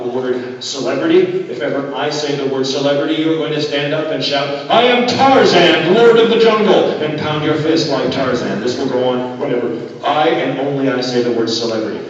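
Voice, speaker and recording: A man working as a stage hypnotist, giving slow, deliberate suggestions with repeated phrases during a live show in a school auditorium. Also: medium pitch, a little hiss or hum. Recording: distant, echoey, dull hall recording.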